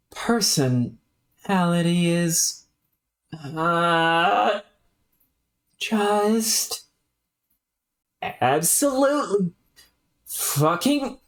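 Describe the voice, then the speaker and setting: A woman voicing a tormented, self-loathing fused creature that speaks haltingly and drags out its words. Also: mid-range voice, pitched above the performer's own voice. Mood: anguished. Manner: drawn-out, halting, bitter speech.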